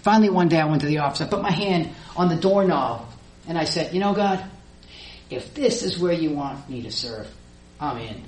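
A middle-aged woman giving a personal testimony in a church hall, telling her story with lively acted-out dialogue. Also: deep voice, moderate pace. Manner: animated storyteller who acts out her own past dialogue. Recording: roomy echo, faint background noise.

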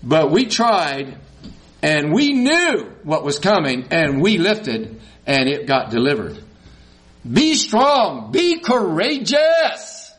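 Preacher guy, kinda high voice, gets the crowd repeating lines back, folksy stories. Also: big pitch swings, takes it slowly, a bit bright, rough recording. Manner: leads congregation in call-and-response, folksy asides. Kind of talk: sermon.

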